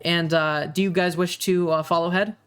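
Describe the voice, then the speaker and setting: A young man narrating a tabletop game as game master, pausing often with ums and uhs. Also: a little high, fairly even intonation, fairly bright tone, clean tone, soft background music. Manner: halting, many ums and uhs.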